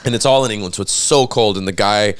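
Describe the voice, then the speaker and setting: Low smooth-voiced man chatting. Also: quick pace, no room sound, studio quality. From United States. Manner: laid-back, storytelling, laughs often. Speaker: podcast guest. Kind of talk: casual chat.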